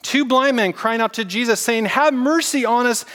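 A man preaching a casual, animated sermon and getting the congregation to repeat words back to him. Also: very high voice, normal speed, big-room sound. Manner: casual, animated preaching with audience call-and-response. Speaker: pastor.

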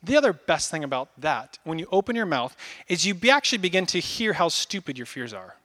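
A man in his thirties preaching a casual, animated sermon, acting out little asides as he goes. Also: on the high side, a little fast. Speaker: pastor.

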